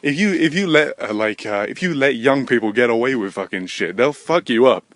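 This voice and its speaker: A man's voice: mid-range voice, expressive, a little fast, fairly bright tone, no room sound. A young man, rambling and swearing in a self-deprecating monologue while walking outdoors with a handheld camera. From England. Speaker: vlogger. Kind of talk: rambling walk-and-talk monologue. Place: outdoors, walking by a road in the wind. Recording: wind noise outdoors. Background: wind and passing traffic.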